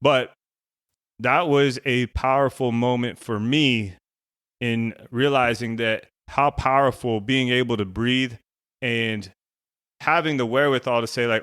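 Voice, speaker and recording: A man's voice: mid-range voice, fairly even intonation, a little slow, a bit bright, smooth, dry recording, clean studio sound. A middle-aged man, a former soldier turned coach, telling a personal story in casual podcast talk, full of "you know" and "right". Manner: conversational, many fillers like "you know" and "right". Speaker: former Navy SEAL and coach.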